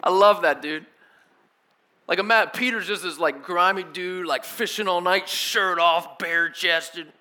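A male pastor delivers a sermon, retelling the story with casual slang and lively energy. His voice sits a little high, with a bright, forceful edge. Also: unhurried.

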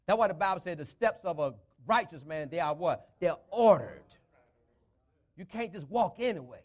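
At a moderate pace and in a fairly high, animated voice, this man preaches a sermon. He uses emphatic call-and-response, stacking up phrases and hammering them home in characteristic speech patterns.

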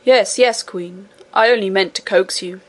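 A woman's voice: mid-range voice, unhurried, close to an everyday voice. A woman voicing a henpecked male goblin king who complains and pleads with his queen. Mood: pleading. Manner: pleading, wheedling.

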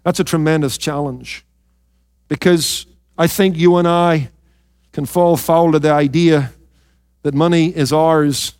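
A male pastor preaching a sermon, emphatic, questioning his listeners and dropping into quiet, intense asides. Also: a little high, steady tone, a little slow, pauses often, clean tone, no room sound, clean studio sound. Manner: addresses listeners directly with rhetorical questions.

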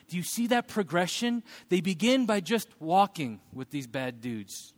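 A man in his thirties preaching a sermon, animated and humorous, acting out quoted voices of his children and others. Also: sits high, unhurried, hardly any pauses. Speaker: pastor.

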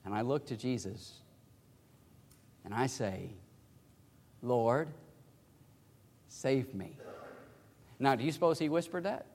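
A man preaching a sermon to his congregation. He swings between hushed, low passages and loud, emphatic cries. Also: animated, normal speed, gravelly, long pauses. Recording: reverberant hall.

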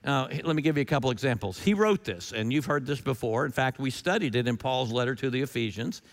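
A man's voice: medium pitch, animated, quick pace, in a large hall. A pastor preaching a sermon in an emphatic style, repeating his key lines and posing rhetorical questions.

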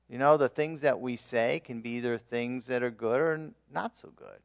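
With a mid-range voice touched by vocal fry, this man delivers a sermon at a measured pace. As pastor, he earnestly guides the congregation in repeated declarations, his volume swinging emphatically, with occasional fillers.

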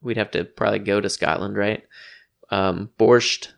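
A man co-hosting a casual chat, laid-back and joking, musing slowly. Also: fairly low pitch, fairly even intonation, gravelly. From United States. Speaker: podcast co-host.

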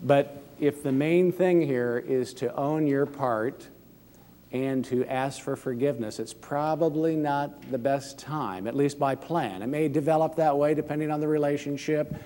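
A man's voice: a little high, steady tone, a little slow, mellow. Earnest preaching man in a reverberant hall. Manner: earnest, acts out quoted lines. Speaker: pastor. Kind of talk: sermon.

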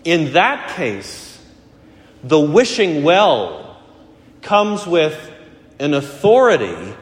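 A man's voice: a little high, big pitch swings, drawn-out words. Middle-aged guy pastor preaching, chatty and a bit funny, voice bounces around a lot, big echoey church. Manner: conversational, gently humorous preaching. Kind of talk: sermon. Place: church sanctuary.

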